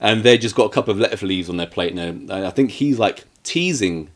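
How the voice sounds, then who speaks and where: A man's voice: on the low side, brisk. A man co-hosting a casual podcast, reviewing a bad horror movie with sarcasm and acting out the characters' lines. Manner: animated, sarcastic, acts out quotes. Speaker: podcast co-host.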